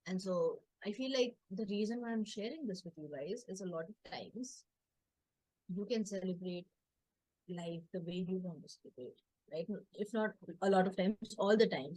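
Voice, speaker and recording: Animated jokey woman host on a call, middle pitch, dry sound. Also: no room sound, low-quality recording. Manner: chatty, animated, jokey, acts out family voices. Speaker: coach and community host. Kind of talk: casual workshop chat.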